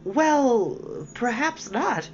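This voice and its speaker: A woman's voice: lowish voice, sing-song, moderate pace. A woman voicing a polite, curious young girl who talks eagerly and apologizes often, for a read-aloud storybook. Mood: soothing. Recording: dull lo-fi with faint hiss.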